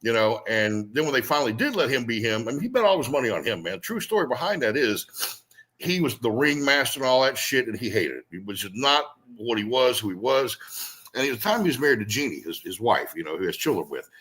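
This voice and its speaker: A man tells stories in a lively, bouncing voice that swings widely up and down in pitch. His tone is bright and forward, and he rambles casually through them with many fillers as an interview guest. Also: fairly quick. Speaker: guest, former pro wrestler.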